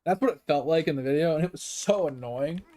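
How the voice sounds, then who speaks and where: Man gaming streamer, casual profane rant, warm mellow tone, a bit high-pitched. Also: fast talker. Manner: exasperated, profane, many fillers.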